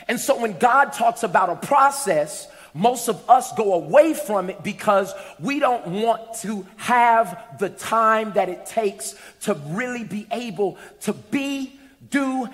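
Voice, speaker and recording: A man preaching a sermon, telling stories with playful asides and rising to shouts. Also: sits high. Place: large church hall. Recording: long hall reverb.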